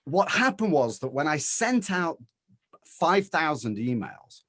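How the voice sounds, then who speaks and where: A man with an English accent, a guest on a webinar, telling a story in a chatty, animated way over a video call. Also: fairly high pitch, slow pace, no room sound, studio quality. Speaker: guest speaker.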